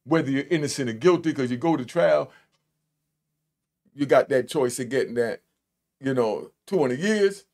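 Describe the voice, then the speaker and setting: A man giving casual reaction commentary on played clips, with a blunt, emphatic streetwise way of talking and drawn-out stresses. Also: medium pitch, animated, darkish tone.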